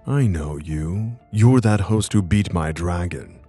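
A man doing a slow, sneering god of darkness. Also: low-pitched, expressive, warm tone, slightly rough, soft background music, pitched below the performer's own voice, exaggerated voice. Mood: menacing. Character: ancient male god of darkness, contemptuous and menacing. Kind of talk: storybook character voice.

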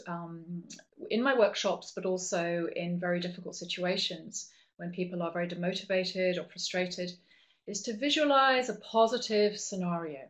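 Middle-aged woman teaching a webinar, normal pitch, lots of ums, chatty and relaxed about it. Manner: chatty, with frequent ums and self-corrections. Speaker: webinar trainer. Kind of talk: live online training talk.

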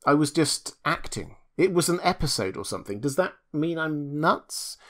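Man playing a shaken patient: high, strained, pleading, audiobook reading. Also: very animated, moderate pace. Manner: pleading, strained, rising pitch. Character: distressed young man recovering from a drowning.

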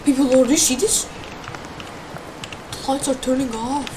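A woman's voice: high voice, steady tone, moderate pace. A woman commenting on a horror game as she plays, easily spooked and exclaiming often. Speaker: gaming streamer. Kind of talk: live gameplay commentary. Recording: noticeable background noise.

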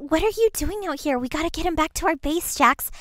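A woman's voice: sits high, animated, fast, a bit bright, no echo, clean studio sound. A woman voicing a kind, earnest young woman in a Minecraft roleplay cartoon who looks after the group and scolds patiently.

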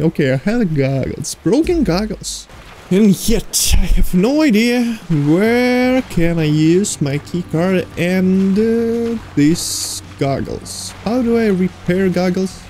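A man playing a horror video game, reacting out loud, talking to its characters and swearing mildly between loud outbursts and nervous laughs. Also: high voice, animated, slow pace, soft background music. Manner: jumpy, talks to the game characters, mild swearing. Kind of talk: let's play commentary.

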